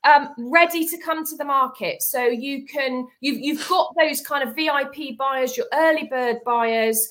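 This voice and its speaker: Woman co-host, chatty and easy laugher; high, bright voice. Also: a little slow, few pauses, slight background noise. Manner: chatty, laughs easily, many fillers. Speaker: estate agency co-host. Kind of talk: casual industry chat.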